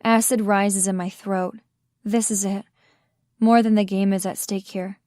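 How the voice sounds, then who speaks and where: A woman tells a first-person story in a measured, intimate reading voice. Her pitch sits in the middle of the range. The recording is dry and close, with no room echo. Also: little pitch movement, a little mellow. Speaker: audiobook narrator. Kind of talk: first-person audiobook narration.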